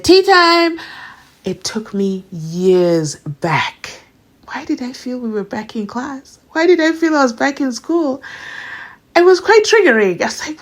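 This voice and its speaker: A woman talks through the day's court drama as a vlog host. She is animated and theatrical, jumping from loud bursts to hushed asides. Her voice sits fairly low for a woman. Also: vocal fry. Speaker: commentary channel host. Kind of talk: casual vlog commentary on a court trial.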